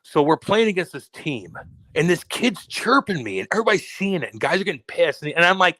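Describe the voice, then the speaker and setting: In a rather high voice and at a slightly fast clip, the man recounts a rowdy story on his co-hosted podcast. The chat is casual and profane, he acts out quotes energetically, and no room sound is heard.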